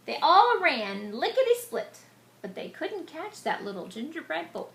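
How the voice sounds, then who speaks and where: A woman reading a picture book aloud to children, animated and stopping to explain words to them. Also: high voice, unhurried. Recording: echoey room.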